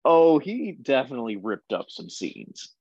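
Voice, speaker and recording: A young man co-hosting a casual album review podcast, enthusiastic and quick to laugh. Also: mid-range voice, very animated, creaky, mellow, slightly rough, no room sound, dull audio. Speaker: podcast co-host.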